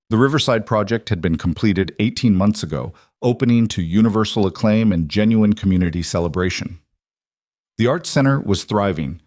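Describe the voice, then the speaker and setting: Low-voiced male storyteller, dry sound. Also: no echo. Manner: even, measured storytelling. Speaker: narrator. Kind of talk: scripted narration.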